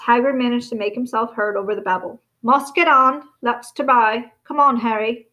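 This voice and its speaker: Expressive woman narrating a storybook. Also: fairly high pitch, low-quality recording. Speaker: audiobook reader.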